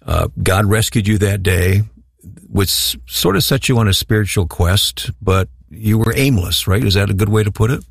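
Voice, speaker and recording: A man interviewing a guest, gently probing and summarizing his story. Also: fairly low pitch, moderate pace, dry recording, clean studio sound. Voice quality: gravelly and husky. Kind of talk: interview questions.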